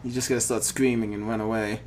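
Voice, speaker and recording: A man's voice: on the low side, flat delivery, fast talker, a little mellow, slight background noise. A man reading a text adventure game aloud, stumbling over words and adding joking asides.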